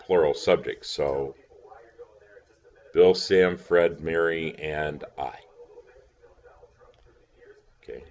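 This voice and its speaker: A man's voice: extremely low pitch, a little mellow, dull audio, a little hiss or hum. A man teaching a recorded lesson, patient, spelling words out letter by letter. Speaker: language teacher.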